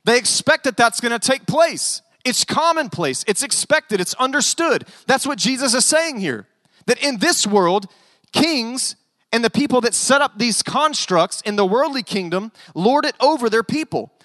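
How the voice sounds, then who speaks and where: A male pastor preaching a sermon in an animated way, with joking asides. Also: very high voice, normal speed, no echo, in a large hall.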